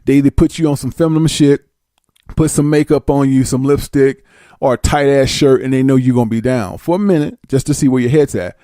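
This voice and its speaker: A man's voice: medium pitch, fairly quick, mellow, no echo, studio quality. A man telling a story in a casual, blunt and profane way, slipping into voices. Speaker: vlogger.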